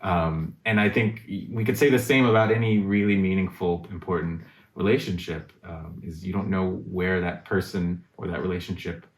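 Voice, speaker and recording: Deep-voiced man, thoughtful and roomy. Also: steady tone, moderate pace. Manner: thoughtful, searching for words. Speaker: guest in a conversation on relationships. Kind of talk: reflective casual conversation. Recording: roomy echo.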